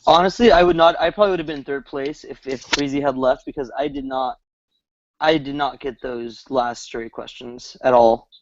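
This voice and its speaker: A man's voice: medium pitch, steady tone, moderate pace, noisy background. A man chatting casually with friends over a video call, laughing often. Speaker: former contestant. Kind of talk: casual group chat. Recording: dull lo-fi call audio.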